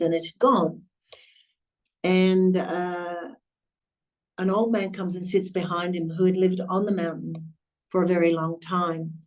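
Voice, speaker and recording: A woman's voice: lowish voice, darkish tone. Earnest woman telling a story. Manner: earnest, emphatic, slow storytelling. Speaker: leadership session speaker. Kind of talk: storytelling talk to an online audience. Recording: distant from the mic.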